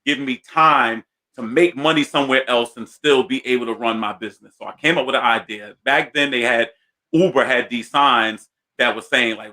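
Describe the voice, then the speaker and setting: A man in his thirties hosting a talk show, telling a comic story in an animated, self-mocking way. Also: mid-range voice, fairly quick. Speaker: host.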